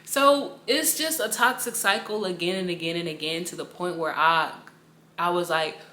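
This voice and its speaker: A woman's voice: on the low side, moderate pace, pushed and bright, echoey room. A young woman giving a personal faith testimony in a casual, rambling way, with slang and a lot of repetition. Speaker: Bible study teacher.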